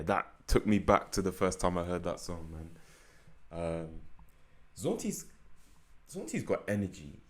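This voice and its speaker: A man hosting a casual album reaction, laid-back and thinking aloud with frequent laughs. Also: low-pitched. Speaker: music reaction host.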